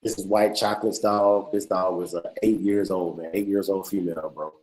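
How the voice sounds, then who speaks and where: A man's voice: low-pitched, steady tone, normal speed, a little mellow, low-quality recording. A man hosting a podcast livestream in a laid-back, slangy way, often repeating words. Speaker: podcast host. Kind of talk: casual livestream chat.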